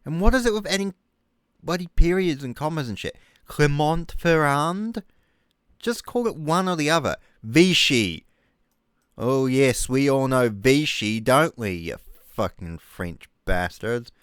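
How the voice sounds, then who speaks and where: Fairly high-pitched and lively in intonation, this New Zealand YouTuber keeps a measured pace while comically ranting over a map. He mocks, sounds exasperated, and swears heavily. The tone is a bit bright and clean, on a dry recording.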